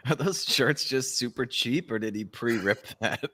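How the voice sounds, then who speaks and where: A man's voice: medium pitch, unhurried, sharp tone, a little hiss or hum. A man hosting a podcast, mocking and swearing, laughing often. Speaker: podcast host. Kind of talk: casual chat.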